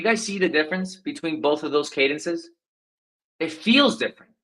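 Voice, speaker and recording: An energetic man with a fairly high voice runs a live coaching session. He talks straight to his viewers, keeps checking in with them, and acts out sample phone lines to show how tone changes them. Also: moderate pace, poor audio. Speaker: sales coach. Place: indoor livestream.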